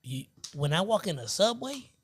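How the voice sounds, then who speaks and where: A man telling lively stories in casual chat, acting out other people's lines and saying "bro" a lot. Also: high-pitched, moderate pace, slightly rough. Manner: animated storyteller acting out quoted voices, says "bro" often. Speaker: guest DJ. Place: nightclub.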